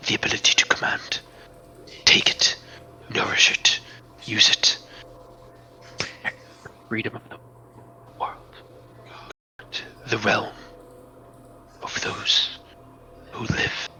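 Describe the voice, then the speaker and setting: A man's voice: mid-range voice, flat delivery, a little hiss or hum, poor audio. A man whispering as a serene otherworldly spirit woman. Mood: intoning. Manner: soft, slow and hushed, half whispered.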